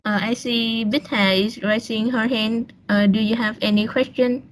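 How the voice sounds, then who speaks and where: A woman's voice: a little high, fairly even intonation, moderate pace, a little hiss or hum, low-quality recording. Hesitant young woman presenting. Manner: hesitant, with fillers and restarts. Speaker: student presenter. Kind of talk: online class presentation.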